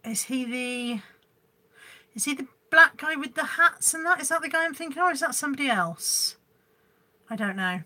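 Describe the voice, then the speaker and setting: A woman with a high, lively, bright voice pushes her words out at a moderate pace. She's running a live stream from home on her phone camera as a reseller host, chatting with viewers, reading their comments aloud, and rambling in a scattered way.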